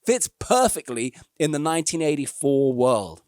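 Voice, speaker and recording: A man, a musician, talks through his reaction to an ad in reflective commentary and slips into animated storytelling with voiced characters. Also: fairly high pitch, moderate pace, clean tone, no room sound, clean studio sound.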